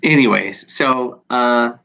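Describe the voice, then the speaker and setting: A man recording a personal video journal, talking in a reflective, halting way with many pauses and fillers. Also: mid-range voice, creaky, sharp tone. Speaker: video diarist. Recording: dull lo-fi recording.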